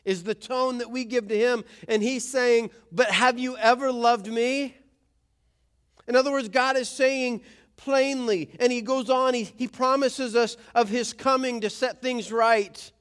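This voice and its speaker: A man's voice: very high-pitched, steady tone, a little slow, clean tone. A man preaching a conversational sermon as a pastor, acting out quoted voices.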